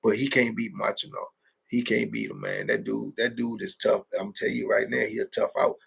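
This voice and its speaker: A man's voice: on the low side, steady tone, brisk, gravelly, a bit bright, husky. A middle-aged man hosting a late-night live chat, telling stories in street slang, repeating himself and laughing often. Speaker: host.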